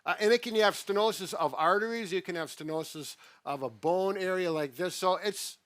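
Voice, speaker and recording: Male physical therapist co-host, patient plain explainer, slightly high voice, dry close sound. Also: brisk, a bit bright, no echo. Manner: patient, plain-spoken explaining with frequent "uh" fillers. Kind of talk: casual explanatory chat.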